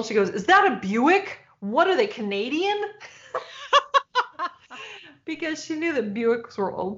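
A woman's voice: mid-range voice, fairly bright tone, dull audio. A woman in her forties from Michigan, a podcast co-host chatting casually and laughing as she tells a family story. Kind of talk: casual chat.

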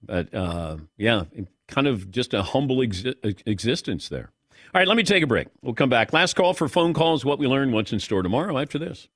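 A man's voice: medium pitch, big pitch swings, moderate pace, no echo, clean studio sound. A man from Southern Ohio hosting a sports radio show in casual chat, laughing often and mimicking voices.

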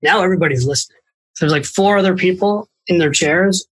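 A middle-aged man, a financial author and podcast guest, tells anecdotes in a lively way with quick asides. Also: high voice, husky, low-quality recording. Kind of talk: storytelling in a podcast conversation.

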